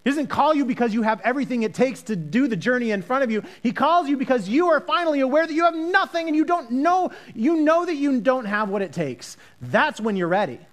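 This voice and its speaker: A man preaching a sermon as a pastor, earnest and animated, often repeating words as he starts a sentence. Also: very high-pitched, a little fast, few pauses.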